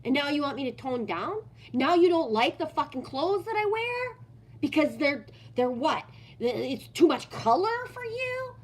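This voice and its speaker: Swearing, high-voiced woman ranting on a livestream. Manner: swears constantly, ranting and animated. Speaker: livestream host reading viewer comments. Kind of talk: casual unscripted livestream chat.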